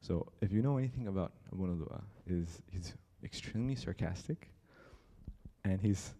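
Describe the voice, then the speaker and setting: In this church talk, a young man delivers a story in a low voice at a moderate pace. He is an animated storyteller who performs the people he quotes.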